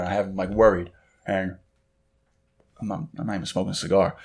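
A man, co-hosting a podcast, telling a story in animated fashion and acting out what others said. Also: low voice, brisk, slightly rough. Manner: animated storytelling, acts out quotes. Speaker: podcast co-host. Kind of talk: casual chat.

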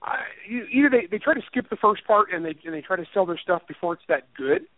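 Fast and lively in intonation, this high-voiced author and writing teacher chats loosely in an interview, rambling, self-deprecating, and frequently laughing. The audio is a dry, echo-free, tinny phone line.

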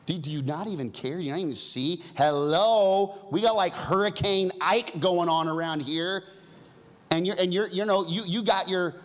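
A man preaching who acts out the frantic plea of the disciples, in a high, strained and pleading voice. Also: moderate pace, natural voice. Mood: panicked. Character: panicked male disciples pleading in a storm.

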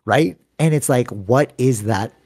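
A man's voice: medium pitch, unhurried, darkish tone. A man in his thirties hosting a casual podcast chat, talking with lots of energy and many "like"s and "you know"s. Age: 30s. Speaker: podcast host.

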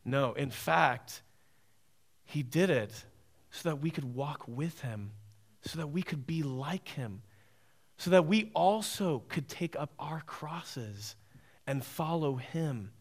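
A man's voice: fairly high pitch, lively intonation, takes it slowly. A man preaching a sermon, emphatic and repetitive, often asking "right?".

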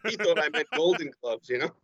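A chatty man spins comic stories and acts out the people in them. His voice sits a little high, and the audio is dull and lo-fi. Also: moderate pace, husky. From New Jersey. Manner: animated, joking, acts out quoted voices. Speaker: guest comedian. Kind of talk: storytelling interview talk.

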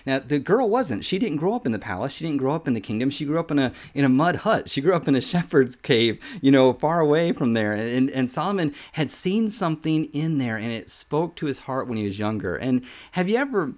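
A man's voice: medium pitch, sing-song, brisk, few pauses, a little mellow. A man in his thirties giving an informal podcast sermon, earnest and conversational, often saying "man" and repeating himself. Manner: earnest, conversational, says "man" often, with repetitions and little laughs. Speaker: podcast Bible teacher.

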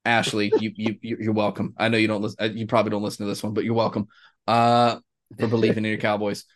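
A man from Florida co-hosting a casual sports podcast, swearing and laughing often, breaking into excited bursts. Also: lowish voice, quick pace. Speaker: podcast co-host.

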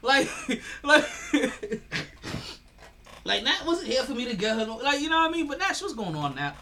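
A man's voice: extremely high pitch, sing-song, moderate pace, sharp tone, a little hiss or hum. A man hosting a sports podcast, ranting in a casual monologue with stammered repeats and frequent laughter. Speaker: podcast host.

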